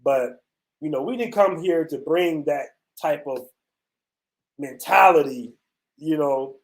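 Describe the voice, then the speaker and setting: Travel host from the US, man, slightly high voice, loose slangy storyteller talking to his viewers outside. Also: slow pace. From United States. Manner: loose, animated retelling with slang and repeated "man" and "bro". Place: outdoors on a city street at night.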